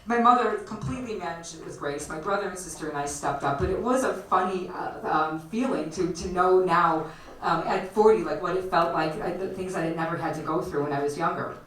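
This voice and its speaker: With a lowish, fairly bright voice and a fairly quick pace, a woman from the Chicago area recounts a personal story at a storytelling night in a bar venue. She's chatty, often laughing, and uses lots of fillers. The recording comes from a distant mic in an echoey live room with faint noise.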